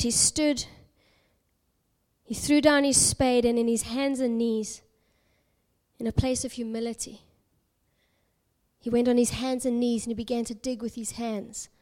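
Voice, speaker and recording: A woman from South Africa preaching a sermon as an expressive story, dropping to a hush at key moments. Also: fairly high pitch. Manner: expressive, dramatic storytelling with hushed whispered moments.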